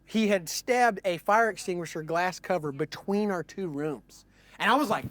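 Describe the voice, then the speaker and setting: A storyteller host spins tall tales casually in a high, fairly quick voice, with slight background noise. He's animated, acting out the voices of the people in his stories and leaning heavily on fillers like "like."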